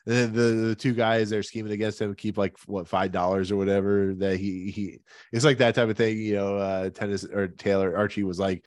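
A man's voice: on the low side, level tone, no echo. A man hosting a casual podcast, retelling a TV episode's plot in a rambling, joking way. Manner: rambling, jokey, retells the plot with quick asides. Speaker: podcast host.

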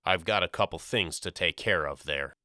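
A man's voice: low-pitched, moderate pace, pushed and bright, dry recording, clean studio sound. A man voicing a middle-aged father who stammers and mutters evasively in a storybook reading. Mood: awkward.

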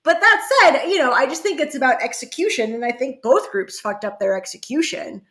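Animated woman podcast co-host. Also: sits high, a little fast. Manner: animated, profane, acts out quoted people. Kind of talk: casual chat.

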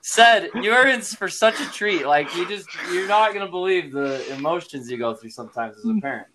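A man's voice: high voice, expressive, moderate pace, noisy background. A dad chatting casually on a podcast, his voice swinging widely up and down as he tells a story. He laughs his way through it, leaning on plenty of "like"s and "you know"s. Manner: laughs often through the story, filler-heavy. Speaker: father telling a parenting story.

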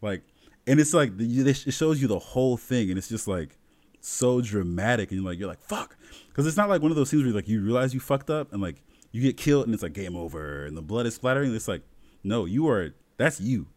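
A young man talking casually and excitedly about a video game, full of fillers and restarts. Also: medium pitch, brisk. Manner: excited, filler-heavy, rambling storytelling. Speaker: gamer friend in a podcast chat. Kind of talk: casual chat.

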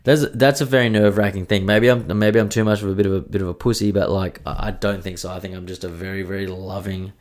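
A man's voice: low voice, fairly even intonation, fast, few pauses. A young man hosting a casual solo podcast, joking and swearing freely as he chats. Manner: swears freely, jokey and self-mocking. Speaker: podcast host.

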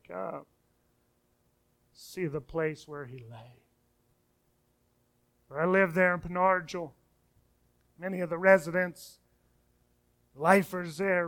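A man preaching a sermon as pastor, emphatic, with repeated words and sudden soft hushed endings. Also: sits high. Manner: emphatic preaching, drops to soft hush on key phrases; repeats words and restarts when speeding up.

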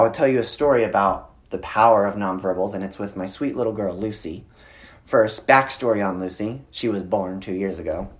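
A man in his thirties, a guest in an interview, explaining communication with lively storytelling and frequent filler words. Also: mid-range voice. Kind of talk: conversational interview.

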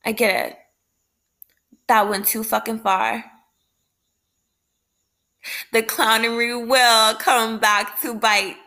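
A woman's voice: a little high, fairly even intonation, takes it slowly, pauses often, bright, forceful tone. A woman ranting in a late-night video, heated and full of profanity, breaking into laughs. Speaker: vlogger. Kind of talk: late-night rant to camera.

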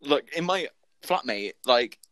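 Young man, lively swooping pitch, sweary dramatic storytelling, casual chat. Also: measured pace, no echo. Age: young adult. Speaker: podcast co-host.

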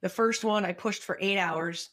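A woman's voice: mid-range voice, moderate pace, fairly bright tone. A woman from New England, a podcast guest, talking in a blunt, direct and outspoken way in casual conversation.

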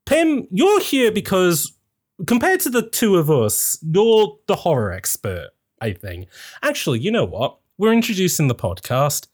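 A male podcast host with a fairly high, very lively voice that swoops up and down. He talks in a casual, rambling way, packed with fillers and self-corrections, and sounds animated. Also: unhurried.

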